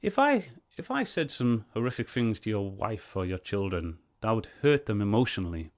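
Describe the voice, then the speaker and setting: A man's voice: fairly low pitch, big pitch swings, normal speed. A man reviewing a video clip, arguing back at it in an earnest, heated way. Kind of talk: reaction commentary on a clip.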